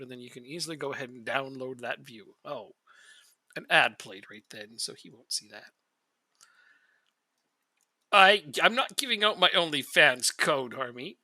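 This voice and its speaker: A man's voice: on the high side, animated, moderate pace, bright, forceful tone, dry recording. A man streaming a game, chatting casually with a co-player, teasing and laughing often. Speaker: gaming streamer. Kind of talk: casual gaming stream chat.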